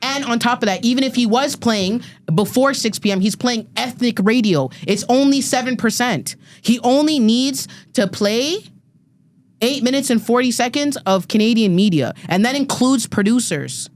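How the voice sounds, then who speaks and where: On a podcast panel, a guest in her thirties rants with emphatic heat and plenty of profanity, repeating words and stumbling whenever she's fired up. She speaks at a normal speed in a fairly high-pitched voice.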